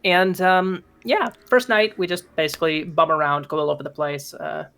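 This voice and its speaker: A man's voice: on the high side, steady tone, normal speed, gravelly, pushed and bright. A young man from Minnesota with a light Minnesotan accent, casually telling a profane, joking story in a chat. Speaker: guest.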